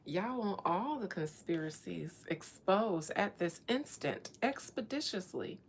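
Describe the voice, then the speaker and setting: A woman's voice: lowish voice, animated, measured pace, a little hiss or hum. A woman doing a spiritual reading, chatting casually with viewers, playful and slangy with laughing asides. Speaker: spiritual reader talking to viewers. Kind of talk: casual livestream chat.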